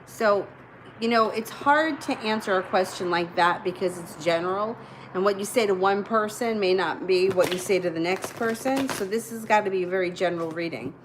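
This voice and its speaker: A woman's voice: mid-range voice, normal speed, background noise. A woman doing live tarot readings, answering viewer questions in a loose, chatty way. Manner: casual, explains readings conversationally with fillers. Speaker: tarot reader.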